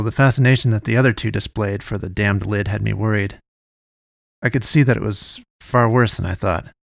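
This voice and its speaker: A man narrating a first-person story in a measured, even way. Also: on the low side, gravelly, no echo, studio quality.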